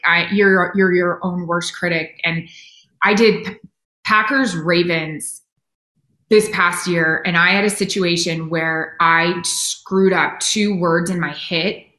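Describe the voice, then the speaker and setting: Animated woman telling stories in a roomy space. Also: on the low side. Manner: animated, self-deprecating, quick bursts with restarts. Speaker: sideline reporter. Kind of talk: casual interview storytelling. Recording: roomy echo.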